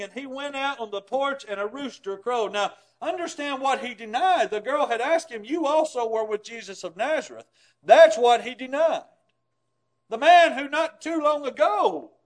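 High-voiced folksy preacher. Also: male voice, big pitch swings, a little slow, rough recording. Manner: folksy, swings between loud emphatic bursts and low quiet asides; chuckles at his own points. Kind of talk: sermon.

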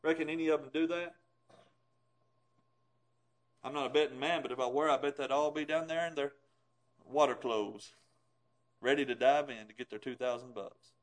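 A man preaching a sermon in a folksy way, with loud emphatic bursts, low quiet asides and chuckles at his own points. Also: fairly quick, low-quality recording.

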